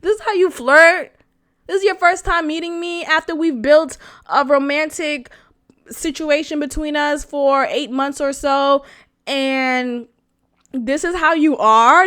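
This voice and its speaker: A woman podcast host telling a personal dating story to her listeners, blunt and animated, swearing freely and laughing as she talks. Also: sits high, unhurried.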